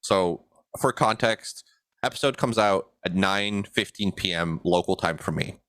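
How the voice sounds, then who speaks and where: A young man co-hosting a podcast in a relaxed, chuckling chat full of fillers. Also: deep voice, a little slow, no echo. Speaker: podcast co-host and editor.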